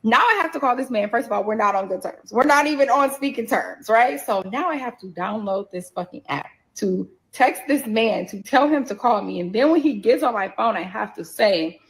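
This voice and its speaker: A woman casually telling a personal story, candid and animated, swearing freely. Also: fairly high pitch, moderate pace, hardly any pauses, a little hiss or hum, low-quality recording. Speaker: vlogger telling her story.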